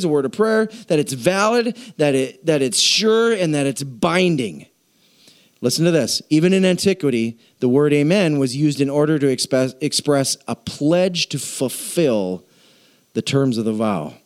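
A man preaching a sermon in a church, energetic and playful, calling out to the congregation. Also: a little high. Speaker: pastor.

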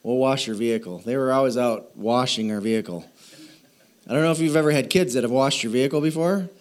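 A man's voice: mid-range voice, quick pace. A man preaching a sermon in a chatty way, with laughing asides and questions to his listeners. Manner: asks the audience questions. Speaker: pastor.

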